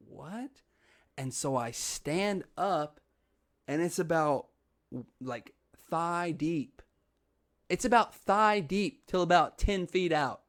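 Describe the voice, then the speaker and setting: A man's voice: medium pitch, dry recording, clean studio sound. A young man hosting a podcast, telling a story in a loose casual style, laughing often and dropping swear words. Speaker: podcast host.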